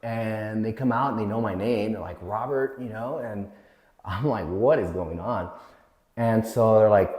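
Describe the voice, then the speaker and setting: A man's voice: on the low side, normal speed, a little mellow. Blunt man telling his story, echoey room. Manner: blunt, swears freely, retells scenes in others' words. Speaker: guest sharing his recovery story. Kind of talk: candid personal storytelling. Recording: echoey room with long reverb.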